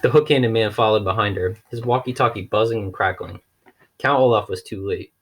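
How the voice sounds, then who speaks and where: A man with a low voice reads a children's novel aloud. His narration is steady and wry, with an occasional restart. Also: a little fast, faint music behind. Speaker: audiobook reader.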